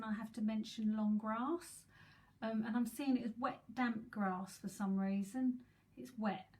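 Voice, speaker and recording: A woman's voice: a little high, low-quality recording. A woman in her fifties from England, chatting and giggling her way through a live psychic reading with rambling asides. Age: 50s. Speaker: psychic medium.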